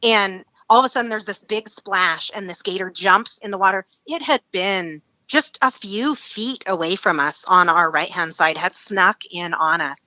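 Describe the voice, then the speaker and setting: A woman from Alaska, a podcast guest, telling a story in a lively, chatty way. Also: mid-range voice, normal speed, few pauses, dry recording, highs cut off. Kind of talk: casual storytelling.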